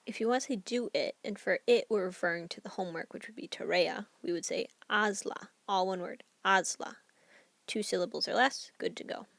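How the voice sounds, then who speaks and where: Woman teacher with a gravelly edge. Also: medium pitch, a little fast, dry recording. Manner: clear step-by-step explaining. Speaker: Spanish teacher. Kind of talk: recorded grammar lesson.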